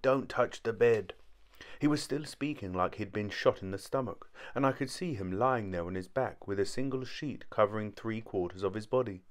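A man narrating a short story in steady first-person storytelling. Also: on the low side. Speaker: audiobook narrator.

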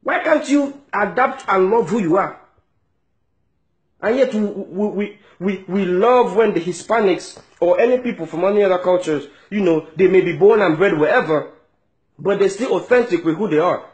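A man's voice: high-pitched, normal speed. A man ranting to camera in an indignant, mocking way, often stumbling over repeated words. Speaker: vlogger. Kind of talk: angry opinion rant to camera.

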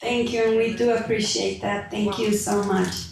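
A woman's voice: medium pitch, little pitch movement, moderate pace, gravelly, crowd noise. A woman hosting an event, thanking the speaker and introducing the next person. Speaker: host. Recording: echoey room, distant mic, noise.

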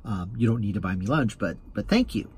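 A man's voice: lowish voice, lively intonation, fairly quick, darkish tone, husky. A man hosting his own vlog, telling a rambling story with stammering restarts. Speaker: rideshare driver and vlog host. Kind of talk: casual anecdotal vlog monologue.

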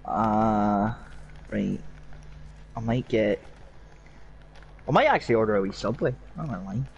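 A man's voice: fairly low pitch, animated, measured pace, gravelly, husky, muffled recording. A young Northern Irish man chatting casually while gaming, sweary and rambling. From Northern Ireland. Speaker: gaming streamer.

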